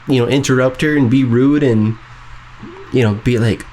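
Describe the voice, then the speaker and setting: A man's voice: mid-range voice, moderate pace, a little mellow, a little hiss or hum. A man casually telling a story on a podcast in a laid-back way, often laughing along. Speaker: podcast co-host.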